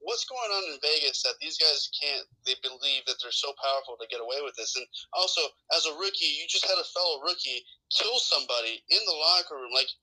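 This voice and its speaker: A man on a sports podcast panel, telling stories in an animated, profane way and ranting in casual talk. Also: a little high, fairly quick, hardly any pauses, rough recording.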